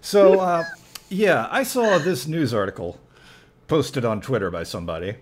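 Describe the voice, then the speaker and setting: A man hosting a casual group podcast, joking and reading news out loud. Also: medium pitch, moderate pace, noisy background. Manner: animated, joking, reads news aloud. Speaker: podcast host.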